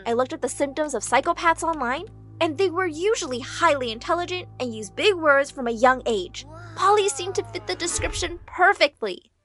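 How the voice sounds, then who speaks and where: A woman narrating an animated drama story in an expressive, dramatic way. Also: sits high. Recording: faint background music.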